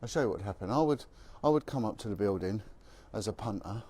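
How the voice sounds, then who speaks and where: A man's voice: on the low side, lively intonation, quick pace, warm tone, slight background noise. A man who is a former police officer, telling stories bluntly and with emphasis as he walks down a city street. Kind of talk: walking vlog monologue.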